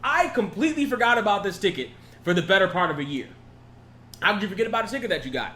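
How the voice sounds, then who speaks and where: A man's voice: sits high, very animated, quick pace, pushed and bright, roomy sound. A man co-hosting a casual podcast, telling a laid-back story with laughs and swearing. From California. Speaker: podcast co-host. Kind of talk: casual chat.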